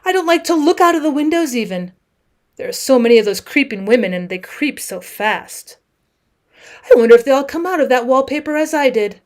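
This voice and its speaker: A woman's voice: sits high, lively intonation, a little fast. Woman dramatically reading a classic story. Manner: dramatic, with wide swings between hushed and raised passages. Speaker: teacher reading aloud.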